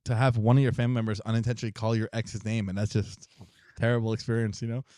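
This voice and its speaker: A man's voice: fairly low pitch, flat delivery, fast, mellow, no room sound, clean studio sound. A young man co-hosting a podcast in a rambling, slangy chat, with lots of restarts and laughter. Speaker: podcast co-host. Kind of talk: casual chat.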